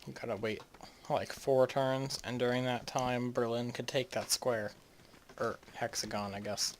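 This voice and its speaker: A man's voice: medium pitch, steady tone, measured pace, a little hiss or hum. A young man from the northeastern United States, rambling and chatty with many restarts as he narrates his game. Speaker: gamer. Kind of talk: casual game commentary.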